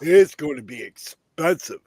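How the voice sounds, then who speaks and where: A man's voice: a little high, expressive, unhurried, a little mellow, slightly rough, no room sound. A man in casual political chat, indignant and swearing about prices and cuts. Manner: indignant, profane.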